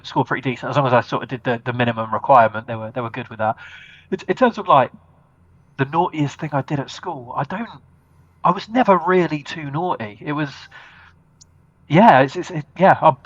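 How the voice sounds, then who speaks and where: A man's voice: medium pitch, fairly bright tone, no echo. A laid-back man from Norway rambles modestly as a guest. He speaks over a video call, and the audio sounds dry and dull, like lo-fi call sound. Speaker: band bassist, guest. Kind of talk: casual interview chat.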